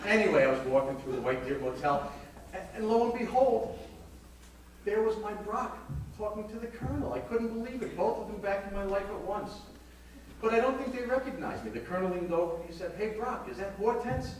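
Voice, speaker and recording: A man's voice: high-pitched, fairly quick, lightly acted. A man performing a bawdy aging woman in a live vaudeville comedy monologue, teasing the audience between punchlines. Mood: sly. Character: bawdy aging woman telling racy stories. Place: small theater stage. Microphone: far camera in the house. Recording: echoey hall from far off, noisy. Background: audience laughter.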